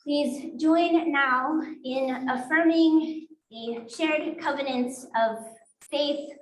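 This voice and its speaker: A woman guest minister leading a worship service in a slow, deliberate and inviting liturgical manner. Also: high voice. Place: church sanctuary. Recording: roomy echo in a sanctuary.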